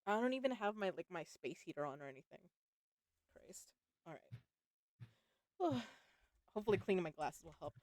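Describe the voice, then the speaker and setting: A woman's voice: fairly low pitch, animated, normal speed, long pauses, darkish tone, no echo, studio quality. A woman reading a novel aloud on a live stream from home, chatting with her audience, laughing often and swearing casually. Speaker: book reader and live streamer. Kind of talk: live-streamed book reading with chat banter.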